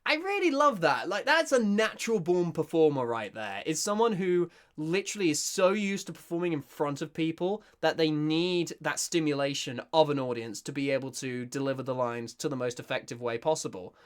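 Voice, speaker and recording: A British voice actor from Britain giving casual, excitable reaction commentary with many restarts. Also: medium pitch, brisk, few pauses. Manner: excitable, gushing, stumbling restarts.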